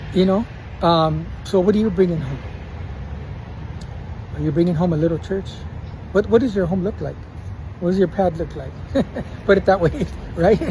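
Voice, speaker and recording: Man, casual preacher, high voice, faint street noise behind. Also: warm tone, rough recording. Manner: casual, mixes Spanish words into English, chuckles often. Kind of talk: informal devotional sermon.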